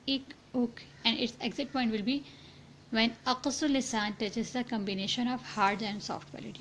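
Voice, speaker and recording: A woman's voice: fairly high pitch, slight background noise. Patient woman teaching letter sounds. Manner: slow and patient, demonstrating sounds with repeated syllables; many fillers and restarts, often saying inshallah. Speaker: Quran pronunciation teacher. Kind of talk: online lesson on Arabic letter pronunciation.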